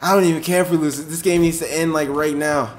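Hosting a gaming video, this young man talks loosely over the gameplay, full of excited jumps, frequent yelps and curses. He pitches high and speaks quickly against a noisy backdrop.

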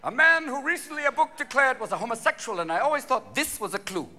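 A man doing live stand-up comedy in a large theater, talking fast and jumping between many put-on voices. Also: very high-pitched, big pitch swings, noisy background. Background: audience laughter.

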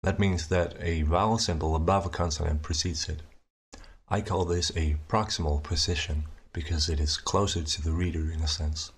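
A young man narrating a scripted explanation of his invented writing system, measured and methodical, slowing down to sound out each example. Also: deep voice, steady tone, slightly rough. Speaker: conlang creator presenting his language.

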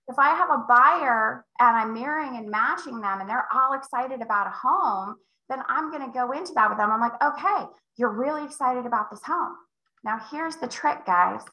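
A woman sales coach leading a live call, emphatic and acting out client conversations with big swings in pitch. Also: vocal fry, pushed and bright, roomy sound, poor audio. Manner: emphatic, role-plays client dialogue with big pitch jumps. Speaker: real estate sales coach.

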